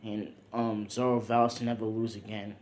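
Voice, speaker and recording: Low-voiced man rambling through a story. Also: flat delivery, moderate pace, a little mellow, slight background noise. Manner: rambling, filler-heavy, self-inserting. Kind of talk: casual fan-fiction storytelling.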